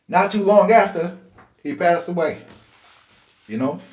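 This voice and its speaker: A man's voice: high voice, a little slow. Man in his forties in a roomy space. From Philadelphia. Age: 40s. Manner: conversational, animated when reliving tense moments, laughs easily. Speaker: host. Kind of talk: personal storytelling to camera. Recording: roomy echo.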